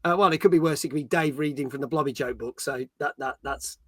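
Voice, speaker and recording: High, bright-voiced host. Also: male voice, fast, breathy edge, no room sound, clean studio sound. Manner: joking, reads viewer comments aloud. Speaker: podcast host reading chat. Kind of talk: casual live-stream chat.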